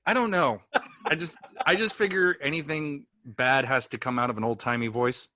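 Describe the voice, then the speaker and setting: A man's voice: mid-range voice, normal speed, bright, forceful tone, no echo. Wry easygoing male podcast host. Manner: easygoing, wry, dry humor. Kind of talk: casual podcast chat.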